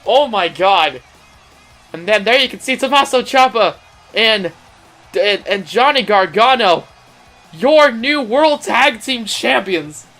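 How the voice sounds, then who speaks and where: A video game commentator doing excitable play-by-play of a wrestling match, playing the big announcer and slipping into casual, laughing asides. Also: medium pitch. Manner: excitable announcer, keeps repeating "ladies and gentlemen".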